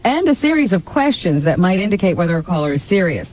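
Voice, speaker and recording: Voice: medium pitch, sing-song, fast, darkish tone, slight background noise. A radio co-host reading out news items and reacting in casual banter.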